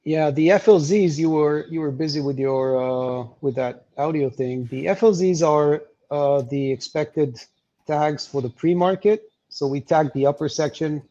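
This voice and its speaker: A man walking through market levels on a livestream, explaining with many pauses and fillers. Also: a little high, dark tone, dull audio. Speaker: market analyst guest.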